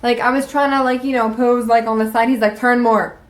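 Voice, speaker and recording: A young woman vlogger telling a story in casual, profane talk, animated and full of "like". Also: on the high side, fast.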